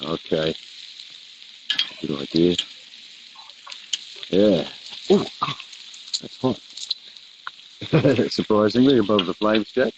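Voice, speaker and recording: A man's voice: fairly low pitch, sing-song, slow, long pauses, dull audio, background noise. A man co-hosting a live barbecue show, chatting casually and laughing easily while he grills. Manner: easygoing, laughs often, says "mate".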